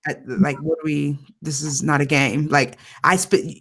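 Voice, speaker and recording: A woman's voice: deep voice, moderate pace, hardly any pauses, breathy edge. Emphatic woman podcast co-host. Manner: animated, emphatic, repeats herself, slangy. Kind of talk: casual chat.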